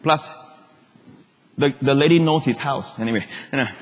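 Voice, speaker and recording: Emphatic preacher man, husky, hall echo. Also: mid-range voice, normal speed. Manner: emphatic, repeats phrases, swings from shouting to hushed asides. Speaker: pastor. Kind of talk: sermon. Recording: long reverb of a large hall.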